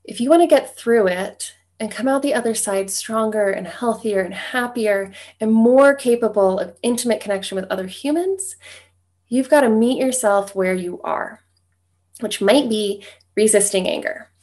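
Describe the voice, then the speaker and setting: Speaking at normal speed in a voice on the high side with a darkish tone, a young divorce coach addresses her listeners directly on camera. She keeps it relaxed and conversational, often ending points with "right?"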